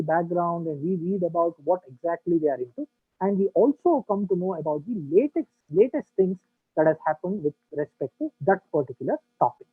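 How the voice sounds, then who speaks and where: A man's voice: a little high, dry recording. A man teaching an online coaching class, explaining step by step with frequent fillers and rhetorical questions. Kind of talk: online lecture. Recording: tinny, dry, lo-fi line with faint music.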